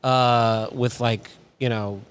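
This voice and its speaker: A man's voice: mid-range voice, steady tone, takes it slowly, smooth. A man chatting casually on a podcast, rambling, restarting his sentences and trailing off as he tries to recall things. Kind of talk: casual chat.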